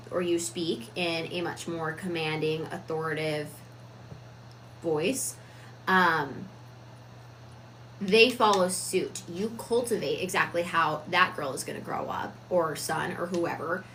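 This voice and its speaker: A woman giving a reflective, casual talk on personal growth, deliberate with frequent fillers. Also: fairly low pitch, a bit bright, a little hiss or hum, poor audio. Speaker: self-improvement vlogger.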